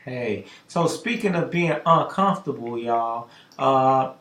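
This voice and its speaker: A man telling a story on a talk show, lively, getting loud and high at dramatic moments. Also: slow, echoey room. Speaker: podcast host telling a story. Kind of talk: animated storytelling.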